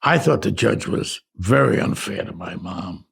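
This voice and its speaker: An older man from New York narrates his memoir as an audiobook in a deeply gravelly, husky voice. Expressive and reflective, his pitch rises and falls a lot as he drifts through memories with halting restarts and conversational asides.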